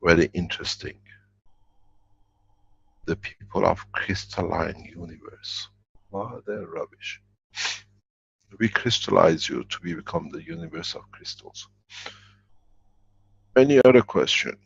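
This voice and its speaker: A man with a low, gravelly voice fields questions in an online workshop. He is blunt and joking, and his English is halting. The sound is dry and dull, like lo-fi video call audio. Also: fairly bright tone. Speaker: workshop speaker. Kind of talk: live online Q&A talk.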